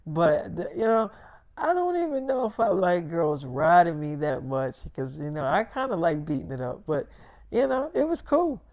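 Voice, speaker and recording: A man's voice: a little high, very animated, moderate pace, darkish tone, no room sound. A man telling a long casual story to the camera, rambling and repeating himself with lots of "you know". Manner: loose, repetitive, full of "you know". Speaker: vlogger.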